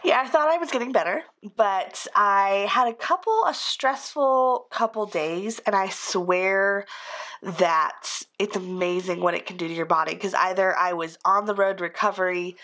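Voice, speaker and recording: A young woman talks casually to her viewers, hoarse from a cold that leaves her voice crackly and full of fry. She rambles and laughs at herself as she chats through her planning. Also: fairly low pitch, pushed and bright. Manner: chatty, rambling and self-deprecating. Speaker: planner vlogger. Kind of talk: casual chat.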